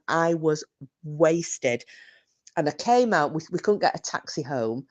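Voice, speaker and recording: Chatty low-voiced woman. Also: sing-song, unhurried, darkish tone. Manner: chatty, swearing, telling drunken stories. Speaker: streamer. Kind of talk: casual live-stream chat with viewers.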